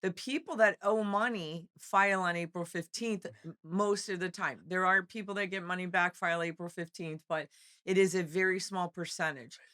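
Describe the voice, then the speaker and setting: A woman's voice: on the low side, fairly even intonation, normal speed, fairly bright tone, no room sound, studio quality. A woman co-hosting a casual podcast, upbeat and talking straight to her listeners, her voice worn from talking all week. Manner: upbeat, talks to listeners directly. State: losing her voice. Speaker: podcast co-host. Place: hotel event venue.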